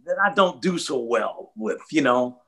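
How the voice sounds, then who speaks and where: An older man, a guest and radio host, talking in a relaxed, reflective way about his career in an interview. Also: mid-range voice, a little slow, slightly rough. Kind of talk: casual interview chat.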